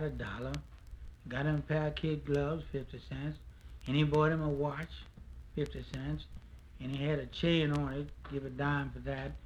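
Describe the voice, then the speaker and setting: A man's voice: on the high side, muffled recording, slight background noise. A man, telling a folk tale in a folksy drawl and singing blues. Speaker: folk singer. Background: guitar.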